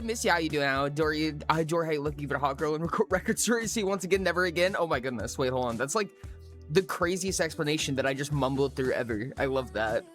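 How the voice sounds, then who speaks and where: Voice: mid-range voice, fairly bright tone. A live streamer chatting casually with viewers, bubbly and rambling, often joking at their own expense. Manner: bubbly, rambling, self-mocking.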